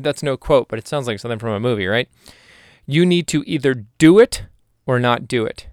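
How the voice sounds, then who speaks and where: A man's voice: medium pitch, a little fast, dry recording, clean studio sound. A man hosting a solo podcast in a casual, jokey, rambling way. He is also a hypnotherapist and sometimes talks to himself.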